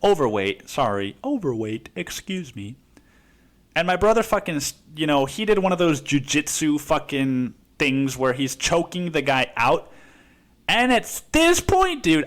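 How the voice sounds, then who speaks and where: A man's voice: a little high, fairly bright tone. A man from Mexico, hosting a podcast and telling a story in a casual, profane way, saying "dude" constantly. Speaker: podcast host.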